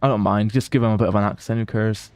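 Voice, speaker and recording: A man's voice: lowish voice, steady tone, fast, darkish tone, no room sound. Chatty Scottish man livestreaming. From Scotland. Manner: chatty, restarts, reads out viewer comments. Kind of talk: casual live gameplay chat.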